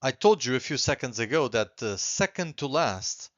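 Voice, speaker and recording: A man teaching a beginner language lesson, patiently repeating words slowly and clearly. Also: mid-range voice, lively intonation, a bit bright, no echo, muffled recording.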